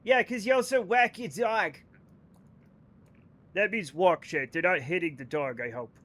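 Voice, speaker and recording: A man's voice: high-pitched, a little slow, fairly bright tone. A man with a Rhode Island accent, chatting casually on a live game stream, rambling as he reads chat aloud and riffs on it.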